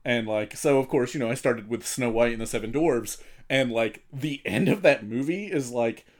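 A man's voice: medium pitch, normal speed. A man co-hosting a podcast in casual, profane chat, retelling stories in a rambling way with lots of fillers. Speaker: podcast co-host.

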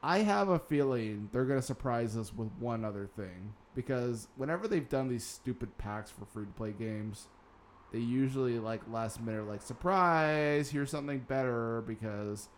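A man's voice: lowish voice, normal speed, darkish tone, a little hiss or hum. A man hosting a casual gaming news podcast, sarcastic and swearing now and then. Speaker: podcast host.

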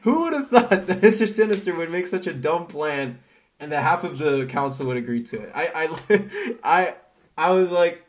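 Animated man retelling comic scenes. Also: on the high side, moderate pace. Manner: animated storyteller, acts out characters' lines. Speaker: podcast co-host. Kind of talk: casual comic book chat.

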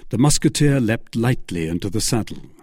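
Husky, expressive male audiobook narrator. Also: medium pitch, dry recording, studio quality. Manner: expressive, measured storytelling. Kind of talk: scripted narration of a classic novel.

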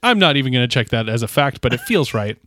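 A man playing through a gamebook, thinking aloud with wry, deadpan jokes. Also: mid-range voice, fast, no room sound. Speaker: player in a gamebook session. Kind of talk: casual chat.

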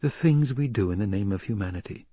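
A man voicing a shrewd, calculating count in an audiobook, dry and deliberate with small hesitations. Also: fairly low pitch, lively intonation, mellow, husky, dry recording. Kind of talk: audiobook character voice.

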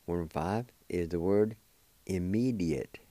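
A man hosting a radio language lesson, spelling words letter by letter and pronouncing them slowly and deliberately. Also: low-pitched, dark tone, no room sound. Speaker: radio host teaching language.

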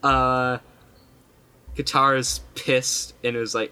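Bright-voiced young man, laughing as he rambles. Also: medium pitch, lively intonation, moderate pace. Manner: laughs often, lots of fillers. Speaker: podcast co-host. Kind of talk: casual chat over a video call.

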